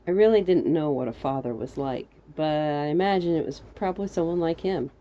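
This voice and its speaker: A woman reading her first-person fan fiction story aloud, soft-spoken and unhurried. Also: deep voice, highs cut off.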